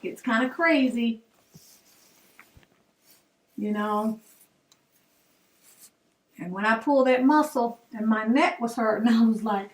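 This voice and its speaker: A woman's voice: a little high, slow, long pauses, a little hiss or hum. A woman chatting casually and affectionately to her viewers in a home vlog. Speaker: hair vlogger.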